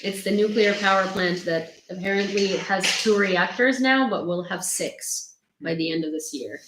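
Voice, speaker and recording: A woman's voice: mid-range voice, normal speed, a bit bright, roomy sound, slight background noise. A woman from Ukraine hosting a casual livestream chat at home, teasing and laughing a lot. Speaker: podcast host and reporter. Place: room at home with dogs.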